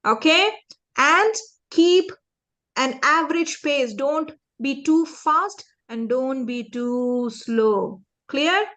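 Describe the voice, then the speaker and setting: A woman leading an interactive public speaking lesson for young students, asking the class questions and acting out her points. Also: sits high. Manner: animated, demonstrative, asks the class questions.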